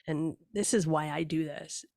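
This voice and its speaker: Woman host, lowish gravelly voice, dry close sound, affirming. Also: unhurried, no room sound. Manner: warm, affirming, with many fillers. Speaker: podcast host. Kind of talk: casual interview.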